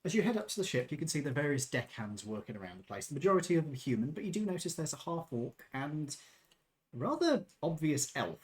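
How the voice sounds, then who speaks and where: A man's voice: on the high side, very animated, a little fast. A man running a tabletop game as game master, narrating casually with hesitant fillers.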